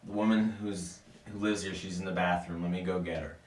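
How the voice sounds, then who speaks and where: A man voicing a matter-of-fact female plumber in a spoken spooky story, speaking briskly and casually. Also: low-pitched, steady tone, slight background noise, close to an everyday voice. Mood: offhand. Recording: echoey room, mic at a distance.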